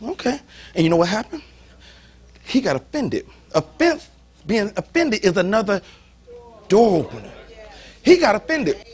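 Pastor guy preaching in church, really high husky voice, bounces all over. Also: moderate pace, long pauses. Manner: animated storytelling, acts out biblical voices, folksy. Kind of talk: sermon.

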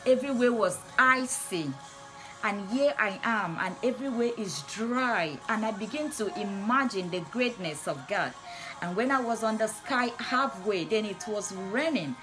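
A woman's voice: mid-range voice, expressive, normal speed. Fervent woman preacher with music behind. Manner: fervent, repetitive declarations. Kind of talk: livestream sermon and prayer. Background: soft music.

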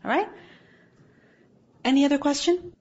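A woman's voice: high-pitched, normal speed, a little mellow, muffled recording. A woman teaching an Islamic studies class, firm and corrective, often checking that students follow, recorded in a classroom. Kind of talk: classroom lecture with questions.

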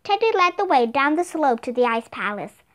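In a high-pitched, brisk voice, a woman reads a children's chapter book aloud as an audiobook. Her narration is expressive and animated.

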